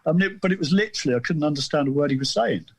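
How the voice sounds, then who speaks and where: Husky man, rambling. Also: on the high side, expressive, very fast, no room sound. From southern England. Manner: rambling, self-deprecating, frequent restarts. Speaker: podcast guest, author. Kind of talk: casual storytelling.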